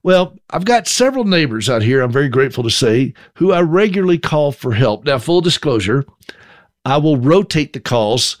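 A man's voice: mid-range voice, big pitch swings, normal speed, no echo, clean studio sound. A man in his fifties from South Carolina with a Southern accent, telling humorous, self-deprecating stories in a folksy monologue. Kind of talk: storytelling monologue.

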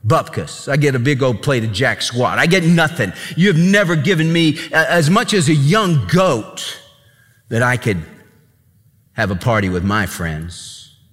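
A preacher acting out a bitter older brother. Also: male voice, mid-range voice, animated, measured pace, fairly bright tone, long reverb tail. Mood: bitter, sarcastic. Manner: sarcastic, indignant complaining. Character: bitter resentful older brother, young man.

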